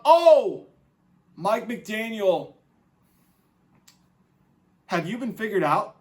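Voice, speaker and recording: A man hosting a football podcast, ranting in a casual, mocking and profane way. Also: high voice. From New England, United States. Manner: animated, mocking, profane rants. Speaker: podcast host. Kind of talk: casual sports commentary.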